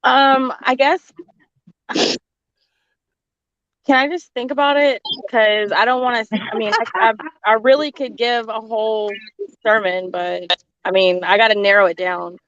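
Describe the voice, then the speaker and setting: A woman's voice: fairly high pitch, steady tone, unhurried, pauses often, highs cut off, background noise. A woman with a Northern US accent on a group panel, hesitant and thoughtful. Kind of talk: casual group chat.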